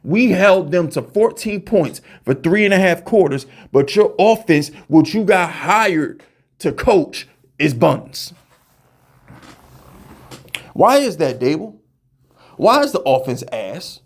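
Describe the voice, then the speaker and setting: A man's voice: high voice, expressive, slow pace, pauses often. Fired-up profane man ranting. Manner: heated, profane, stammering repeats. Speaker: podcast host. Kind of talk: ranting fan commentary.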